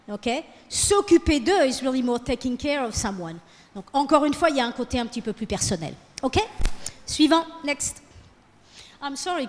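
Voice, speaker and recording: A woman teaching French in a classroom lecture, switching between English and French and coaxing the class with questions. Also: sits high. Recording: long hall reverb.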